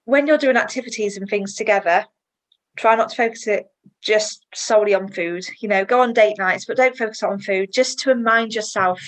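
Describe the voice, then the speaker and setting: A woman, a guest in a personal interview, chatty and emotional and quick to laugh. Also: mid-range voice, low-quality recording.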